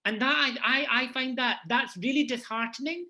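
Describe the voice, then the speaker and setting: A Scottish man with a Glasgow accent, head of a university department, speaks earnestly as a conference panelist. His voice is very high-pitched, pushed and bright, at a moderate pace, and he restarts his sentences many times.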